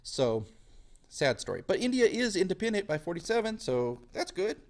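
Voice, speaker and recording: A man teaching a history lesson in a casual, lively way, sometimes slipping into quick silly voices. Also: high voice. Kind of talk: classroom lecture.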